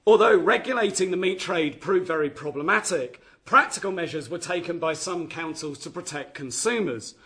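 High-voiced male lecturer with restarts. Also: animated, normal speed, hardly any pauses, pushed and bright. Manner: reads from notes with frequent restarts. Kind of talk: academic history lecture.

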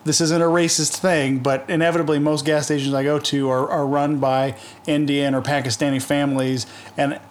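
A man's voice: a little high, little pitch movement, moderate pace, hardly any pauses, a little hiss or hum. A man with a mild Southern American accent, telling rambling, jokey stories in casual chat.

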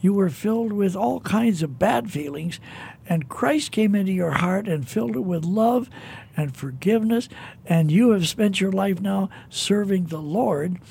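Gravelly high-voiced male radio host. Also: lively intonation, measured pace, a little mellow. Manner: affirming, folksy. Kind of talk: radio interview.

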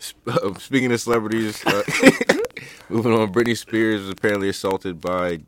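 A man's voice: on the low side, fairly even intonation, moderate pace, a bit bright. A man co-hosting a podcast, talking hesitantly and laughing nervously. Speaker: podcast co-host. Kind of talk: casual chat.

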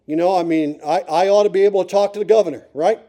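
A middle-aged pastor from Pennsylvania, USA, preaches a sermon, telling a funny personal story and teasing the congregation with repeated suspenseful lines. His voice is high and dark-toned, and he speaks fast.

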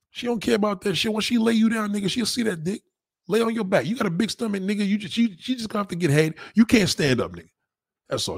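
A man with a husky, slightly rough voice, ranting bluntly and crudely in a casual way. His pitch swings widely as he drives his points home, and he often says the same thing twice. The sound is dry and close, with no room around it. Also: no echo. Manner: blunt, crude, repeats himself for emphasis. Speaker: monologue speaker. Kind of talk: casual profane rant.

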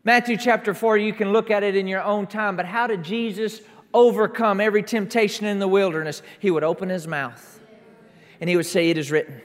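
A man preaching a sermon, emphatic, stacking repeated declarations that build up to shouts during a church service. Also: high-pitched, fairly even intonation, fairly quick. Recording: long reverb of a large hall.

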